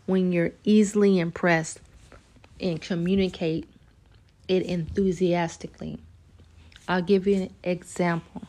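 A woman's voice: on the low side, fairly even intonation, measured pace, a little mellow. A woman hosting a podcast, talking casually and animatedly about dating and acting out little everyday scenes as she goes. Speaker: podcast host. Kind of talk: casual podcast monologue giving dating advice.

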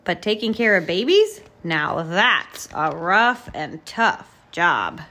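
A woman doing a rumbling stern dump truck. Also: lively intonation, slow pace, pushed and bright, exaggerated voice. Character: gruff grown-up male dump truck.

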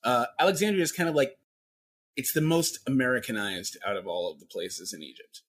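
A man with a husky, slightly breathy voice, chatting casually as a guest on a podcast. He was born in Saudi Arabia and jokes around, swearing freely and laughing along. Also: mid-range voice, brisk, a bit bright. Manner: joking, profane, laughs often. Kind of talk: casual chat.

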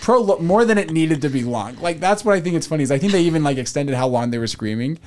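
A man co-hosting a casual fan podcast, excitable, laughing often and quoting movie lines. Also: fairly high pitch, fast talker. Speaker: podcast co-host.

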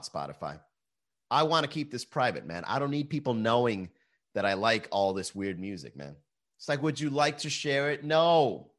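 A man's voice: on the high side, fairly bright tone. A man in his late thirties hosting a podcast, ranting loosely and profanely, calling his listeners bro and man. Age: 30s. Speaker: podcast host. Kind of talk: casual profane rant.

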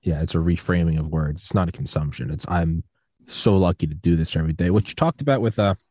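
A man in his twenties hosting a podcast interview, telling rambling stories and quoting others in lively voices. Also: low-pitched, quick pace, no echo, studio quality. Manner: rambling storyteller, quotes others in animated voices. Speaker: podcast host. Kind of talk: casual interview chat.

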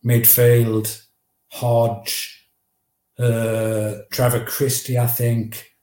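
A man in his fifties with a Northeast English accent, telling lively anecdotes as an interview guest and acting out the quotes. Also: medium pitch, extremely slow, reverberant. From Northeast England. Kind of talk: storytelling in an interview.

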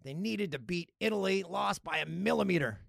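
Canadian guy doing his podcast, jokey, voice jumps all over, kinda gravelly. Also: high-pitched, brisk, dry recording, studio quality. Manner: animated, jokey, shifts into loud playful outbursts. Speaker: podcast host. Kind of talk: casual solo podcast chat.

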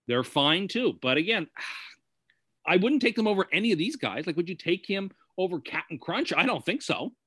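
A man's voice: high-pitched, very animated, moderate pace, a bit bright, slightly rough, no room sound, clean studio sound. A man co-hosting a casual chat, hedging a lot with "like" and "sort of". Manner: hesitant, lots of "like" and "sort of". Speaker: co-host.

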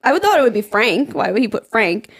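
A woman's voice: on the high side, big pitch swings, fast, slightly rough, no echo, studio quality. A woman co-hosting a podcast in casual chat, giggly and chatty as she reads out trivia. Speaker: podcast co-host.

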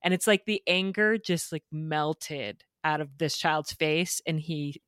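A woman's voice: sits low, slow, fairly bright tone, no echo, clean studio sound. A woman hosting a podcast, telling a parenting story with light laughs. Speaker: podcast host. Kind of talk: podcast conversation.

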